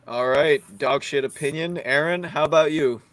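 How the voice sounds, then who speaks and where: A man's voice: on the high side, moderate pace, a bit bright, no room sound. A man hosting a call-in fan show, running the picks in a joking, bossy way. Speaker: host.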